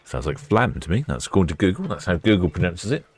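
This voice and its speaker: A man's voice: low voice, very animated, quick pace, slightly rough. A man hosting a live stream, chatting casually, musing aloud and wryly reading out viewer comments.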